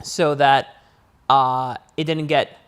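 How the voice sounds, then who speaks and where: A young man, a podcast co-host, telling a long story in casual chat, his voice jumping high when he acts out his own panic. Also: slow pace, smooth. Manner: animated storyteller, rises high acting out panic.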